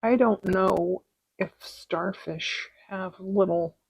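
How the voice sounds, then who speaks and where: A middle-aged woman hosting a relaxed embroidery tutorial from her craft desk at home, with soft, unhurried, chatty asides. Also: medium pitch, gravelly, husky, no echo, poor audio. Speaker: embroidery video host. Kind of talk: relaxed stitching tutorial chat.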